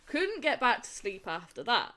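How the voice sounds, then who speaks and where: A woman's voice: fairly high pitch, big pitch swings, moderate pace, sharp tone. A woman with a Somerset accent, worn out after a long day, chatting casually on a gaming stream and laughing often mid-sentence. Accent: Somerset English.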